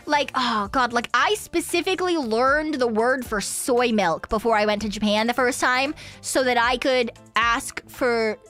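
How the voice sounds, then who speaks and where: A woman's voice: on the high side, a bit bright. A woman streamer chatting casually and rambling, laughing often and swearing now and then. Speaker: VTuber streamer. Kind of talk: casual livestream chat.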